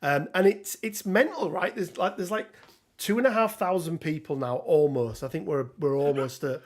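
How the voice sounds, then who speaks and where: A man's voice: a little high, normal speed. A man hosting a casual livestream chat, laughing often and filling gaps with ums. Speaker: host.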